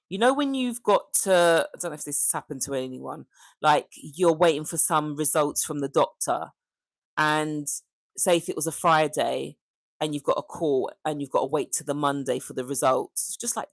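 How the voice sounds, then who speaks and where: British woman livestream host, low-pitched, dry close recording. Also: no echo. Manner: chatty, warm to viewers, animated laughs and pitch jumps. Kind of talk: casual livestream chat reading comments.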